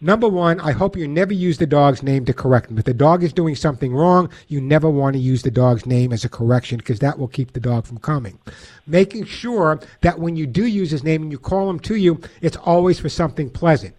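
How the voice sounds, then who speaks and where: A man with a New York accent hosting a call-in radio show, giving animated pet advice and acting out commands. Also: a little high, brisk. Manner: animated, acts out dog commands. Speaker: radio host and pet behaviorist.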